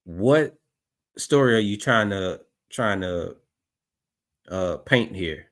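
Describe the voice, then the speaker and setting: Low-voiced skeptical male commentator. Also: animated. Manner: skeptical, halting with restarts. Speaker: livestream commentator. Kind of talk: casual commentary over footage.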